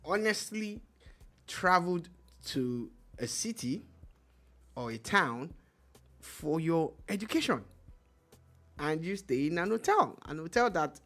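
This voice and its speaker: A man's voice: fairly high pitch, big pitch swings, slow, pauses often, fairly bright tone. A Nigerian man co-hosting a radio talk show, speaking earnestly and hesitantly, with frequent restarts and stammers. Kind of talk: casual news discussion.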